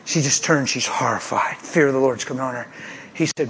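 A man preaching a sermon, telling a story with acted-out voices, moving between hushed tones and shouts. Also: mid-range voice, a little fast, slight background noise. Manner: animated, acts out voices, swings from hushed to shouting.

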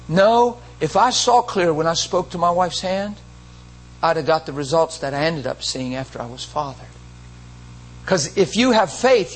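A man's voice: a little high, rough recording. A man preaching a sermon in an emotional, emphatic storytelling manner. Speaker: pastor.

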